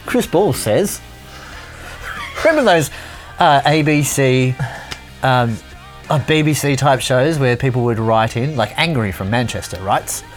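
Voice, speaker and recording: Lively, giggly podcast co-host. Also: mid-range voice, faint music behind. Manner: giggly, quick, often laughing. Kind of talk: casual comedy chat.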